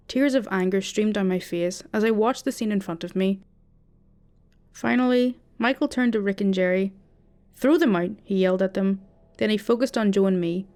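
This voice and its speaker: A woman with a medium-pitched voice narrates a first-person horror story in a steady, dramatic storytelling style.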